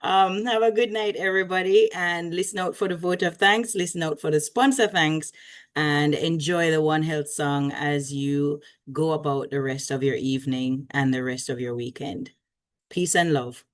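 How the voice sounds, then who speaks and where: A woman's voice: deep voice, fairly even intonation, normal speed. A Jamaican woman moderating an online conference, wrapping up with chatty thanks and frequent laughter over a video call. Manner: chatty, warm, laughs often. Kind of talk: casual closing remarks.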